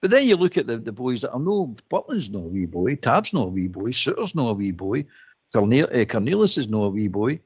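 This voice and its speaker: A man's voice: medium pitch, brisk, breathy edge, lo-fi sound. A Scottish man ranting as a caller on a football phone-in, acting out what players say. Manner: animated, ranting, acts out quotes.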